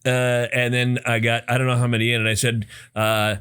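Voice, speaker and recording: A man's voice: mid-range voice, little pitch movement, fairly quick, a bit bright, smooth. A man co-hosting a casual podcast, telling stories loosely with many fillers. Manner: rambling storytelling with fillers. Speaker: podcast co-host. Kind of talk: casual chat.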